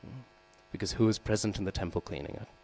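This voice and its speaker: Male class speaker, deep-pitched, preaching in a temple hall with light electrical hum behind. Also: fast, a little mellow. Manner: frequent "hmm?" and "right?" checks with listeners; acts out quoted lines with raised voice. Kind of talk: scripture class sermon. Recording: low mains hum behind.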